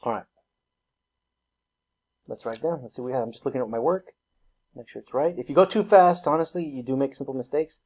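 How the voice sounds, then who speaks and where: A man's voice: medium pitch, fairly quick, pauses often, darkish tone. A man teaching a recorded math lesson, talking through each step in a casual, self-teasing way. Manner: casual, self-deprecating, laughs at himself; talks through work step by step.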